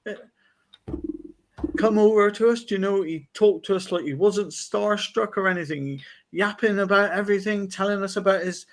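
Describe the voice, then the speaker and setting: Man, podcast host, chatty rambling anecdotes, somewhat high voice, filler-heavy. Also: moderate pace. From England. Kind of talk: casual chat. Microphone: video call.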